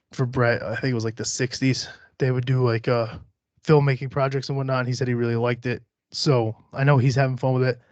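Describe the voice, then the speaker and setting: A man's voice: mid-range voice, no room sound, lo-fi sound. A man hosting a podcast in casual chat, rambling and swearing freely, laughing often. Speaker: podcast host.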